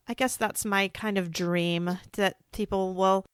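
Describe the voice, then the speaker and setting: A woman's voice: mid-range voice, fairly even intonation, slow pace, clean tone, no room sound, studio quality. A woman hosting a podcast interview, talking earnestly and getting emphatic when something upsets her. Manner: earnest, grows heated and emphatic when indignant. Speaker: podcast host. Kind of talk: casual conversational interview.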